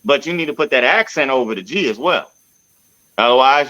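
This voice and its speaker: A man co-hosting a podcast in casual chat, ranting loosely in slang and spelling words out slowly. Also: medium pitch, lively intonation, bright, forceful tone, lo-fi sound. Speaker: podcast co-host.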